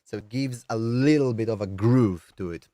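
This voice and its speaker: A man's voice: mid-range voice, moderate pace, background noise. A man with a nasal, somewhat strained voice, casually explaining music production on a live stream, thinking aloud with many fillers. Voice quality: nasal, throat-squeezed.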